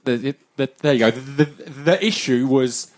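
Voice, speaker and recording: Rambling man hosting a podcast. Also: medium pitch. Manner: rambling, halting with many fillers and restarts. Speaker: podcast host. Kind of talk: casual podcast banter.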